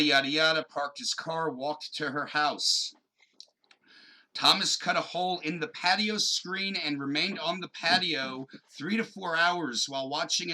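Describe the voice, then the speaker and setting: A man co-hosting a casual podcast with a very bright, forceful voice. He talks in an animated way, swears freely and drops jokey asides into everything, even when reading the news aloud. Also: on the high side, poor audio. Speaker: podcast co-host.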